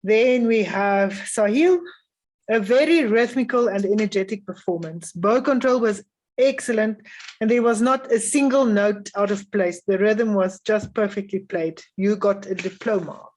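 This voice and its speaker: A woman adjudicating a music festival, giving calm, encouraging spoken feedback to young string players with frequent "um" pauses. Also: medium pitch.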